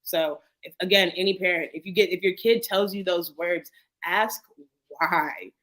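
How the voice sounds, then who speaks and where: A young woman, a podcast guest, talking fast and animatedly in casual conversation, often asking "you know what I'm saying.". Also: fairly low pitch, fairly even intonation, fairly bright tone, low-quality recording. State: getting emotional.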